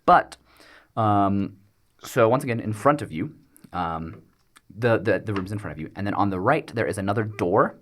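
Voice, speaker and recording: Lively low-voiced man running the game. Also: normal speed. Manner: hesitant, many ums while describing scenes. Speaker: game master. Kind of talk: narrating a tabletop game.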